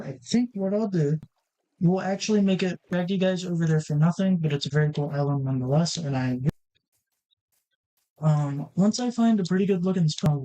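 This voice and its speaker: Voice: medium pitch, a little mellow, poor audio. A let's-play host giving casual gameplay commentary, rambling and thinking aloud with many restarts while talking straight to the viewers.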